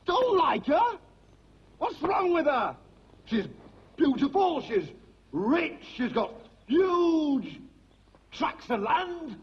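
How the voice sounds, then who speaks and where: A man's voice: very high voice, very animated, drawn-out words, pauses often, full character voice. An actor playing a bossy older king and father in a comedy film, lecturing his son. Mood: exasperated. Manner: bossy, scolding. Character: blustering older male castle-lord father. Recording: dull lo-fi film clip.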